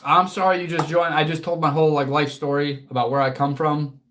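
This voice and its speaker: A man's voice: a little high, flat delivery, a little fast, a bit bright. A man hosting a casual livestream as a fitness coach, answering chat in an earnest, motivational way, casually swearing and close to tears.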